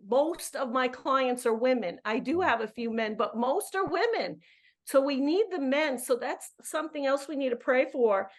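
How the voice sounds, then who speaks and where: A woman in her fifties calling in to a live show as a coach, effusive and emphatic, often repeating words as she goes. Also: high voice. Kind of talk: live call-in chat.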